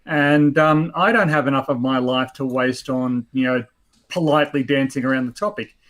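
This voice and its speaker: A man's voice: mid-range voice, normal speed, fairly bright tone. A man in his fifties hosting a casual chat, blunt and rambling with many fillers. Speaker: host.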